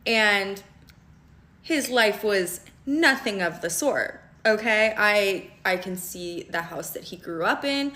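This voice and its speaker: A young woman telling a story in a casual vlog, animated and fast, with constant "like" and "okay?" checks. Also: mid-range voice, reverberant. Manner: animated, fast and conversational, heavy use of "like" and "okay?". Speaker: storyteller recounting a relationship.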